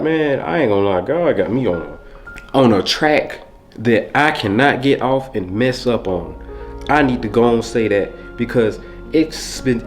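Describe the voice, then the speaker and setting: A young man talks straight to the camera, heartfelt and a little rambling. His voice sits on the low side, and faint music plays underneath. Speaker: vlogger. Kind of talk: casual talk to camera.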